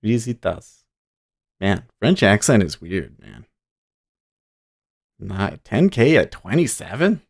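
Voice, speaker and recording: A man's voice: mid-range voice, creaky, a little mellow. A man hosting a day trading livestream, chatting casually and easily with his viewers and chuckling often. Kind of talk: casual live-stream chat.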